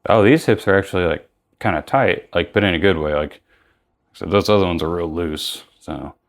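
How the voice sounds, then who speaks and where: A young man with a deep voice, talking at a moderate pace, gives rambling, casual commentary as he unboxes and reviews action figures. He often corrects himself mid-sentence.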